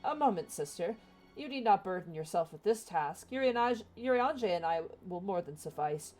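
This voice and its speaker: Woman doing a measured young male game diplomat, formal and earnest, mid-range voice. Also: mid-range voice, animated, a little mellow, faint music behind, close to an everyday voice. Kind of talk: reading game dialogue aloud.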